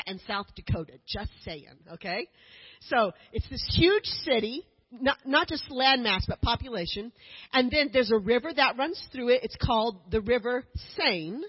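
A woman's voice: fairly high pitch, breathy edge, muffled recording. A woman giving a chatty slideshow talk as a missionary speaker to a church group, with joking asides. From United States.

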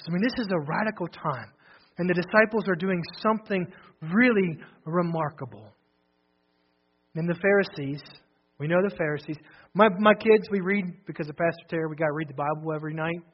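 A male pastor preaching a sermon, swinging from loud shouted declarations to low, hushed emphasis and repeating phrases. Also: normal speed, lo-fi sound. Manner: repeats phrases, restarts often.

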